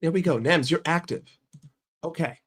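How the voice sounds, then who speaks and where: A man's voice: a little high, normal speed, slightly rough. Profane, heated male football streamer. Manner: questions the chat directly. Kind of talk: livestream football rant.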